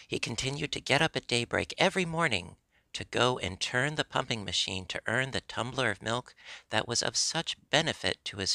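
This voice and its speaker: A man narrating a classic storybook chapter in a steady, measured reading. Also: medium pitch, vocal fry, no room sound. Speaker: audiobook narrator.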